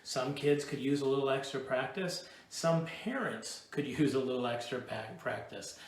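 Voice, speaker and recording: A man's voice: medium pitch, moderate pace. A middle-aged man from upstate New York hosting a live question-and-answer session, rambling and playful as he explains things at length. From Buffalo, New York. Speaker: host answering curriculum questions. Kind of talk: casual live Q&A. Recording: echoey room.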